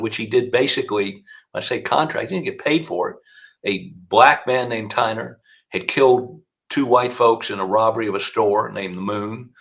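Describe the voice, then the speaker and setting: An older man with a Southern accent, a defense attorney telling long courtroom stories as an interview guest. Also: fairly low pitch. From South Carolina. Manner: gravelly, animated storyteller. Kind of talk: storytelling interview answers.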